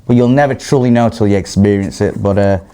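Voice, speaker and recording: A man, telling stories as a podcast guest in a casual, animated way, swearing and laughing often. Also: on the low side, fast, clear, resonant tone.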